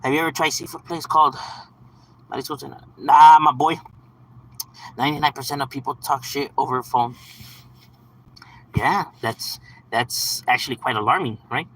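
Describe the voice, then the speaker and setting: A man's voice: mid-range voice, moderate pace, long pauses, a bit bright, slightly rough, poor audio. A man on a casual livestream, talking to his chat in slang and profanity, often saying "bro" and "homie" and laughing as he talks. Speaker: live streamer.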